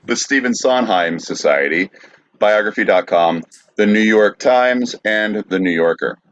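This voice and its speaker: Male co-host, lowish voice, plain list reading, dry and dull sound. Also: expressive, a little slow, fairly bright tone, no echo. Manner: matter-of-fact, listing. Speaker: podcast co-host. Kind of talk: reading show notes.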